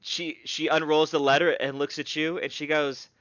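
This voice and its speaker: A man narrating a tabletop game as game master in a casual, halting way. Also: fairly high pitch, level tone, a bit bright, no echo, muffled recording.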